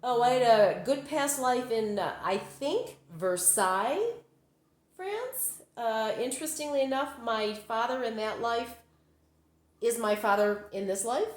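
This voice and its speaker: A woman with a slightly high, animated voice and measured pace tells meandering personal stories as a psychic medium vlogger. She records on a phone held in her hand, and the sound is roomy, with frequent fillers and self-corrections.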